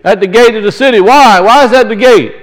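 Man, preacher, high voice, sermon, rhetorical questions, repeats for emphasis. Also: fairly quick, low-quality recording.

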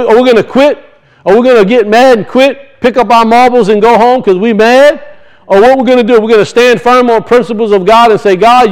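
A pastor with a noticeably high voice delivers a sermon in a loose, conversational way. He keeps asking his listeners questions, then drifts into homespun stories. He sounds middle-aged. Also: clean tone, low-quality recording. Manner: conversational preaching with rhetorical questions and folksy stories.

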